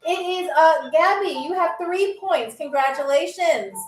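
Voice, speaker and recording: A woman's voice: very high voice, lively intonation, unhurried. Playful woman running a live game stream, teasing the chat, roomy echo. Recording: echoey room with faint music.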